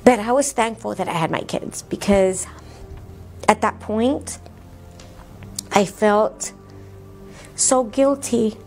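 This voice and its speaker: A woman's voice: mid-range voice, takes it slowly, long pauses, a little mellow, soft background music. A woman earnestly telling her own life story, acting out the dialogue in her plain voice. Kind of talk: personal storytelling talk.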